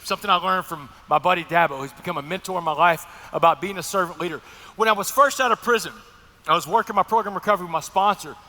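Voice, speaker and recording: A man's voice: high-pitched, sharp tone. A man giving an earnest personal testimony to an audience at a breakfast event, speaking straight to the crowd. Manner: earnest storytelling, addresses crowd directly. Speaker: guest speaker sharing recovery testimony. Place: large event hall at a breakfast gathering. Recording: echoey hall reverb.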